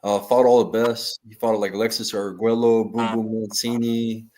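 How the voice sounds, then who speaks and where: A man's voice: on the low side, flat delivery, moderate pace, warm tone. A man from the El Paso region, co-hosting an interview show, speaking plainly with a few hesitations. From El Paso region, Texas, USA. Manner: plain, matter-of-fact, with hesitation fillers. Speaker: podcast co-host, army veteran. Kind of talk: casual interview chat.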